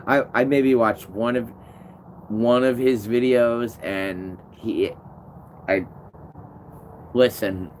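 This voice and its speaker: A man's voice: medium pitch, fairly even intonation, takes it slowly, pauses often, a little hiss or hum. A man chatting casually on a live stream, rambling and swearing freely as he answers viewers' comments. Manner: rambling, swears a lot, restarts sentences. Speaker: tree climber streaming to viewers.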